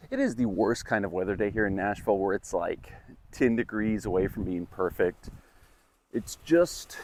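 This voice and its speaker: A man hosting a casual match-day vlog outdoors, talking in a rambling way with lots of "like" fillers. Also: low voice. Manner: chatty, rambling with frequent "like" fillers. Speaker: vlogger host. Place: outdoors around town.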